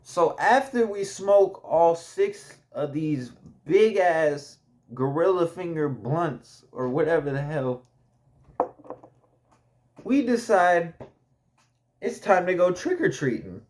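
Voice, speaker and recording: A young man spinning a storytime for his viewers in a relaxed, slow drawl. His voice sits a little higher than most men's, and he keeps it chatty, laughing often and talking straight to the audience. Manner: laid-back, chatty, laughs often, addresses viewers as y'all. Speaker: vlogger telling a story. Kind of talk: casual storytime.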